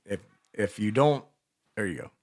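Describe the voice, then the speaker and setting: A man's voice: lowish voice, animated, moderate pace, darkish tone. A man co-hosting a casual radio show, joking crudely and swearing as he runs a number-picking giveaway.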